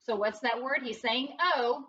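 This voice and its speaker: Woman, phonics teacher for young kids, high voice, slow and playful, distant dull recording. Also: fairly even intonation, fairly bright tone. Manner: slow, patient, playful teacher talk with sing-song emphasis. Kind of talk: recorded remote phonics lesson for first graders.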